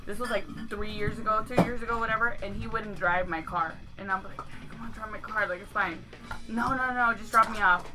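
A woman's voice: medium pitch, a little fast, over music, rough recording. A woman in her thirties telling a story in casual chat, swearing freely and acting out quoted lines. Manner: animated, swearing, acts out quotes.

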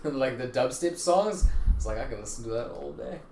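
A man's voice: mid-range voice, expressive, fairly quick, gravelly, a loud crowd. A man chatting on a casual podcast in a laid-back way, full of fillers. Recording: echoey room with background noise.

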